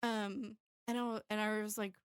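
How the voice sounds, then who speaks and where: A woman's voice: mid-range voice, level tone, moderate pace, smooth, no echo, clean studio sound. A woman in her thirties telling a personal story candidly in casual chat, with plenty of fillers. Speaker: podcast co-host.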